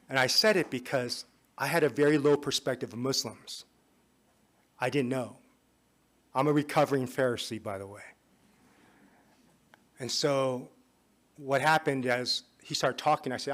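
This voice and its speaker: A man speaking at a conference, telling a personal story in a relaxed, conversational way. His voice sits at an ordinary middle pitch. Now and then it drops to a quiet, confiding tone. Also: moderate pace, long pauses. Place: conference hall.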